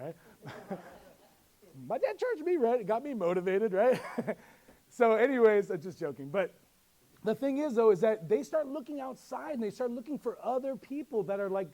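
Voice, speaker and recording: A middle-aged man, a youth pastor, teaching youth leaders in a lively, joking storytelling way. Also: sits high. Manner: lively storytelling with jokes and quick asides.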